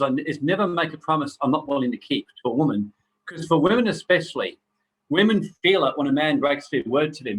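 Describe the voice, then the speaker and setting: A man's voice: fairly high pitch, a bit bright, breathy edge, low-quality recording. A middle-aged man giving a blunt, preachy motivational talk to a group, swearing freely as he goes. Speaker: personal development speaker.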